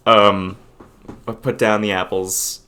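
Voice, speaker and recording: Young male vlogger, low voice, halting and self-deprecating, casual confessional delivery. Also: flat delivery, pushed and bright. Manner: hesitant, rambling, self-deprecating.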